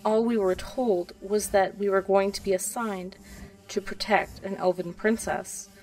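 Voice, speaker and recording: A woman's voice: medium pitch, fairly even intonation, a little slow, darkish tone, distant mic, natural voice. A woman reading the lines of an earnest young witch in a reassuring tone.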